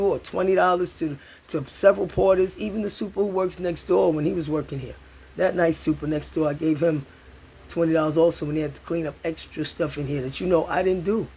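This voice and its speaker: Man, husky dark tone, angry repetitive accusing rant. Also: high voice. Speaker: tenant confronting building super.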